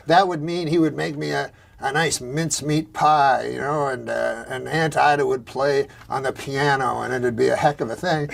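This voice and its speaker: A man from Canada telling stories in a dry, deadpan way, using quaint, folksy phrases. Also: medium pitch, normal speed, creaky, hardly any pauses. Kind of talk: casual chat, storytelling.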